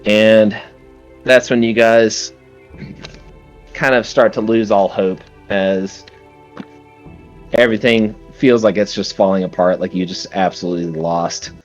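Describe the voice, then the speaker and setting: Low-voiced man narrating a tabletop game. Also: fairly even intonation, unhurried, pauses often, soft background music. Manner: casual, filler-heavy storytelling. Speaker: dungeon master.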